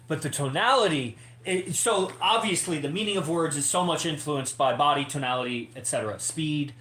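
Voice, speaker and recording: Man, podcast host, emphatic rambling monologue, swears freely, slightly high voice, echoey room. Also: a little fast, hardly any pauses, sharp tone. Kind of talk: casual monologue to members.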